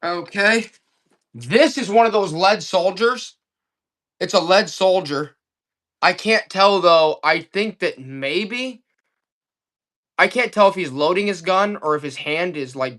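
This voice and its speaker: A man with a fairly high voice hosts a live auction stream. He hypes each piece with excited seller talk and calls out to his viewers. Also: a little slow. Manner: excited hype salesman talk.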